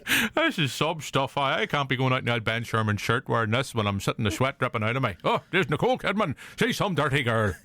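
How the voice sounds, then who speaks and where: A man's voice: medium pitch, very animated, quick pace, hardly any pauses, sharp tone. A man with a Northern Irish accent hosting a podcast, chatting casually in a jokey, rambling way. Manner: jokey, rambling storyteller who laughs often. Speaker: podcast host. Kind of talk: casual chat.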